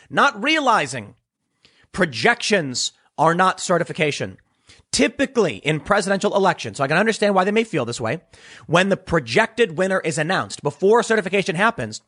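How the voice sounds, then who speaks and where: A man with a high voice hosts an opinionated political commentary show. He swings widely up and down in pitch and speaks with emphasis, often repeating words as he presses his argument. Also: a bit bright.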